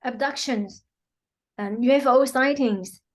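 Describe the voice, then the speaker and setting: Brief: woman healer explaining her practice, earnest, slightly higher pitch, loose filler-heavy phrasing. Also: slow. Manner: earnest, many "you know" fillers, acts out quotes. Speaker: quantum healing practitioner, guest. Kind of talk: explanatory interview talk.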